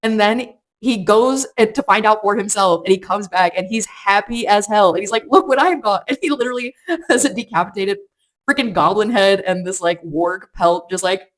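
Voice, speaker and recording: A woman's voice: mid-range voice, moderate pace. A woman chatting casually through a book review vlog, rambling with lots of fillers and restarts. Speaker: book vlogger.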